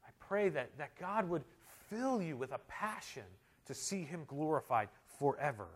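A male pastor preaching a sermon, moving between loud emphatic climaxes and quiet, intimate stretches. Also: fairly high pitch, sing-song, normal speed. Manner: tells humorous anecdotes, shouting quoted amens.

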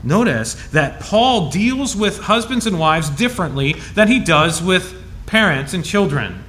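Bright-voiced pastor preaching a sermon. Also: male voice, very animated, a little slow, slight background noise. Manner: conversational preaching with emphatic scripture reading, dropping to soft low asides.

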